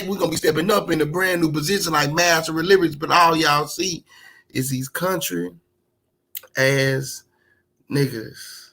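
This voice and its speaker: A man's voice: a little high, fairly bright tone, low-quality recording. A man from Memphis with a Southern US accent, performing spoken word poetry in a rhythmic, emphatic rhyming delivery. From Memphis, Tennessee.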